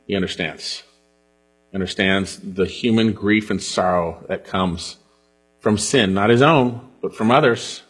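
A pastor preaching an earnest sermon and reading scripture aloud, often dropping to a hush on key points. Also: male voice, fairly low pitch, unhurried, husky.

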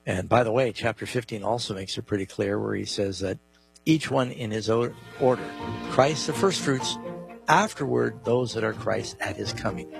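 A man's voice: on the low side, moderate pace, creaky, over music, low-quality recording. A man co-hosting a call-in radio show on Bible questions, explaining verses and reading scripture with emphasis.

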